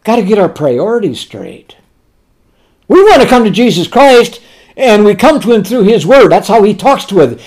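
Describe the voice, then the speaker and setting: A man preaching a sermon. He poses rhetorical questions and answers them himself, and slows to a soft voice on tender words. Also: sits high.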